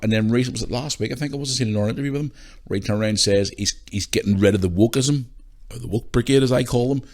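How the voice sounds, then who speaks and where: A man's voice: mid-range voice, very fast, a little mellow. A man hosting a podcast, ranting his opinions in a blunt, sweary, casual way. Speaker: podcast host.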